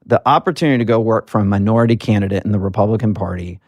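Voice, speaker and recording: His voice is fairly low and a little mellow, and he races along. He's a political marketing guest from Alabama, in the US South, earnestly telling stories with frequent fillers in a casual interview, with no room sound.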